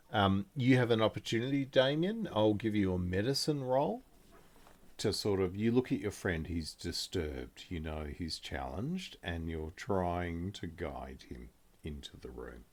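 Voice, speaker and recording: A man running a tabletop game in a very low voice, taking his time with each description. His pitch moves a lot as he narrates, and he rambles and restarts as he paints each scene. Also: lively intonation, a little slow, darkish tone. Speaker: game master.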